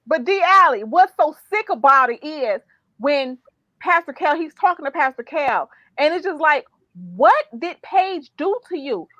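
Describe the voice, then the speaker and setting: Woman, high voice, animated ranting reality-TV chat, dull dry lo-fi sound. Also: a little slow, no echo. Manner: animated, exclamatory, fired-up ranting. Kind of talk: casual reality-TV recap chat.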